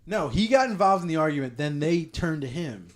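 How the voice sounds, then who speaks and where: A man's voice: fairly high pitch, lively intonation, fairly quick, a little hiss or hum. A man co-hosting a comedy podcast, telling a bar-fight story casually and profanely. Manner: profane storyteller, drops into quoted voices. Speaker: podcast co-host.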